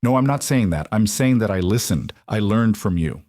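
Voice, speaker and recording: A man's voice: on the low side, animated, moderate pace, darkish tone, close to an everyday voice. A man voicing an insecure adult husband who confesses hesitantly and apologetically in an audiobook. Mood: defensive.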